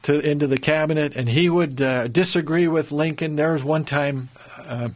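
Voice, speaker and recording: A man's voice: fairly high pitch, moderate pace. Man telling a historical story earnestly. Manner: earnest, builds emphasis, frequent restarts.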